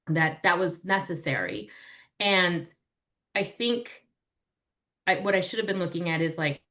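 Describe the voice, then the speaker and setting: A woman's voice: fairly low pitch, unhurried, pauses often. A woman in her forties, a podcast guest, candidly and animatedly telling personal stories in casual chat. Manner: candid, animated storytelling with swearing.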